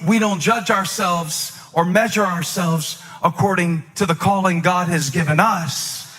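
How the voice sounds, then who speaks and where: A male pastor with a high, light voice delivers an impassioned sermon, rising into loud sing-song cries and then dropping to quiet, low asides. His words ring out with a long reverb that fills a large hall.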